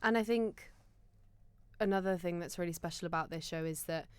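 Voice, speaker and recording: A woman's voice: fairly low pitch, brisk, a little mellow, clear, resonant tone, dry recording. A woman with a southern English accent, a musical theatre actor and guest, talking in a chatty and enthusiastic way. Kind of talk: casual chat.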